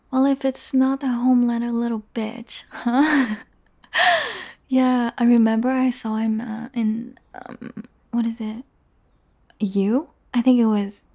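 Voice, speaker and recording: Young woman, audio role-play, teasing, swears a lot, half-whispered asides, slightly high voice. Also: dark tone. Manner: casual, teasing, swears freely, often drops to a whisper.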